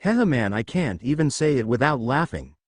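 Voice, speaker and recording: A man's voice: mid-range voice, sing-song, normal speed, no echo, clean studio sound. A man voicing a manic young male villain clown in a storybook reading, giggling and mocking with bursts of mad laughter.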